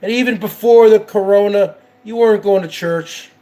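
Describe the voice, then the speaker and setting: A man's voice: sits high, moderate pace, warm tone, a little hiss or hum. A man hosting his own show, ranting in heated, profane, repetitive commentary. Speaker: show host.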